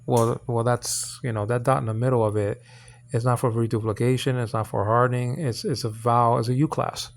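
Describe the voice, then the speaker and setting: Gravelly man teaching, halting and repetitive. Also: mid-range voice, steady tone, a little hiss or hum. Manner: halting, repeats words, many fillers; coaxing checks like "okay?" and "you understand?". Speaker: channel host teaching Hebrew. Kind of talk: informal Bible Hebrew lesson.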